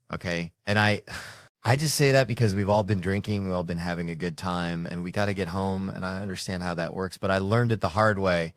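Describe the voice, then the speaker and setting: A man doing a stand-up comedy set, brash and loud, acting out the people in his stories. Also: sits low, no room sound.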